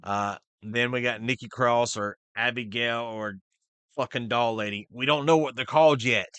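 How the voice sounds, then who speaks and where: A man hosting a podcast, recapping a wrestling show in casual, profane chat and quickly voicing the people he quotes. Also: mid-range voice, clear, resonant tone, no echo. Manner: profane, excitable, retells scenes in quick voices. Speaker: podcast host.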